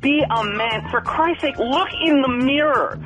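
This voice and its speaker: A man giving a friend loud, preachy tough-guy advice over the phone, with blustery bravado. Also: very high voice, a little slow, soft background music, low-quality recording.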